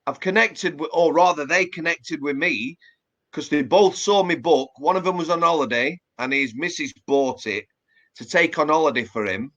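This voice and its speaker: A slightly high, fairly bright voice at normal speed comes through on lo-fi sound from a Yorkshire man who was once a prison officer. Speaking Yorkshire English in a casual interview, he talks plainly with many fillers and restarts.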